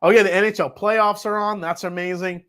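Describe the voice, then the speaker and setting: Casting: New York man, 30s, livestream host, slightly higher voice, loose and chatty, swears freely. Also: fairly even intonation, a little fast, a bit bright. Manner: chatty, reads viewer messages aloud, swears casually. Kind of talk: casual livestream chat.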